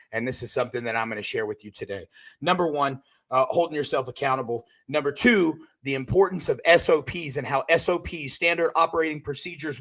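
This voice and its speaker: Man in his 30s, podcast host, profane, punchy, forceful tone. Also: medium pitch. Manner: loud, hyped and swearing, turning quiet and emotional. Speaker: podcast host and roofing company owner. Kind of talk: profane motivational podcast monologue.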